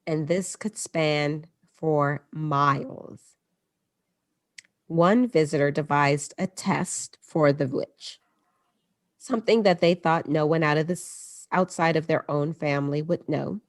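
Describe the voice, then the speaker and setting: A woman with a low voice hosts a podcast, telling a story in a relaxed, chatty way. She moves between read passages and offhand asides. The recording is dry and close. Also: slow pace, no room sound. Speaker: podcast host. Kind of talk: casual storytelling chat.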